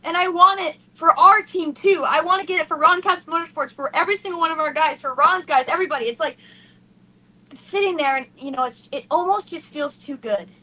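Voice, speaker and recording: A woman's voice: very high-pitched, fairly quick, poor audio. A young woman racing driver, gushing and tearful in an emotional post-race interview. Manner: excited, gushing, breathless with emotion.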